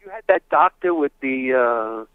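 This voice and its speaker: A man calling into a radio show, excitable and joking, quick to laugh. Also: medium pitch, smooth, no room sound, phone-quality sound. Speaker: caller. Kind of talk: phone-in chat.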